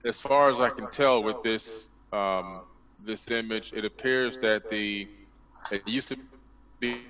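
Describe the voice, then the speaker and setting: Lo-fi call with a low-voiced man. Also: a little slow, sharp tone. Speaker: conference panelist. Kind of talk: casual video call discussion. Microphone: video call.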